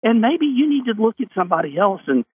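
This high-pitched, husky man is a state lawmaker phoning a radio talk show, and he sounds very animated at a quick pace. He presses his points emphatically in the call-in interview, answering his own rhetorical questions.

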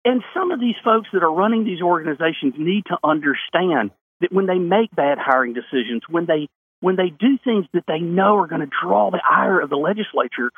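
Heard through a phone line into a radio show, a state lawmaker with a husky voice on the high side speaks with no room sound. During the call-in interview he is emphatic and answers the rhetorical questions he raises.

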